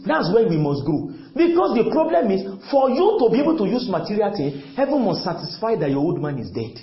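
A man's voice: high voice, sing-song, a little fast. Emphatic preacher man, echoey hall. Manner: emphatic, repetitive call-and-response preaching, often shouting. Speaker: pastor. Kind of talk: sermon. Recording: echoey, dull lo-fi church recording.

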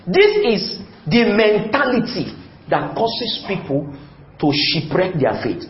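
Man, preacher, high lively voice, emphatic call-and-response sermon, echoey muffled church recording. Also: slow pace. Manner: call-and-response, asks the congregation questions; emphatic, repeats phrases. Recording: echoey, slightly muffled, faint room noise.

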